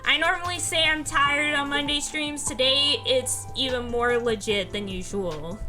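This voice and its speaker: A tired woman streamer rambling through a casual chat, bright and a little high-voiced, taking her time with every word. She laughs often and sounds sleepy, with faint music playing behind her. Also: unhurried. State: sleepy, yawning.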